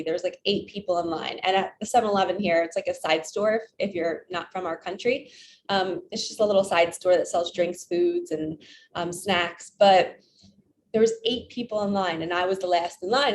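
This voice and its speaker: A woman's voice: mid-range voice, a little hiss or hum. A woman speaking as a spiritual coach in a casual vlog, chatting and telling stories in which she quotes her own inner voice. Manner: chatty, retells stories with quoted self-talk.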